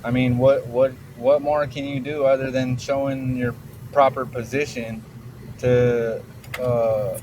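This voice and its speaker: A man in a casual debate, making measured, somewhat hesitant points. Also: mid-range voice, flat delivery, a little mellow, dull audio, slight background noise.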